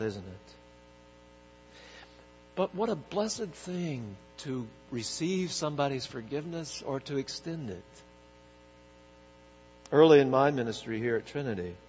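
A male pastor preaching a sermon, telling a story in an earnest way with pauses. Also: mid-range voice, a little mellow. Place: large church sanctuary. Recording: echoey hall with dull, humming sound.

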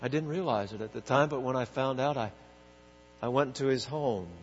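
A man's voice: medium pitch, a little hiss or hum. Man preaching in an echoey church. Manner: earnest, story-driven preaching with pauses. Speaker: pastor. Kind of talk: sermon storytelling. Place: large church sanctuary. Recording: echoey hall with dull, humming sound.

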